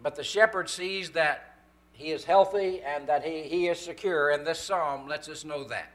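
A man preaching a sermon, stressing key words slowly. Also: fairly high pitch.

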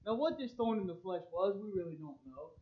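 A male pastor with a high voice preaches, reading scripture in old wording and pressing hard on key words. The recording is dull and lo-fi. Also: animated, brisk, husky. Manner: emphatic, reads old-style scripture with swelling stress.

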